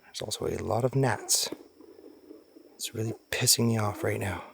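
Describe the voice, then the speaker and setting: A man's voice: fairly low pitch, moderate pace, creaky, slight background noise. Jittery young man in a night forest. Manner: jumpy and nervous, swears often, calls out into the dark. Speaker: solo camping vlogger. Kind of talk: casual vlog commentary.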